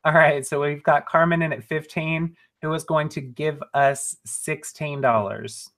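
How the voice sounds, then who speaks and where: This co-host calls the bids in a live jewelry auction, playful and teasing as they count the price down. The voice sits at a middle pitch and sounds relaxed and conversational. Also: a little slow. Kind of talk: casual live-stream auction chat.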